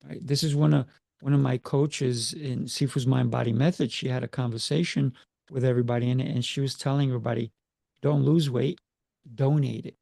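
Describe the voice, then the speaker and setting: A man's voice: mid-range voice, fairly even intonation, a little fast, vocal fry, warm tone, no echo, studio quality. A man who is a martial arts coach, chatting in an interview over a video call and driving his points home with emphatic rhetorical questions. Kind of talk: casual interview chat.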